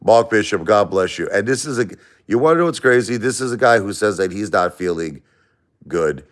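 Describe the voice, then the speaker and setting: Deep-voiced emphatic East Coast man. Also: lively intonation, a little fast. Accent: East Coast American. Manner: emphatic, repetitive, swings between loud protest and soft blessing. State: sick for a few days. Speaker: live stream host. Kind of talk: casual live stream chat. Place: at home by a Christmas tree.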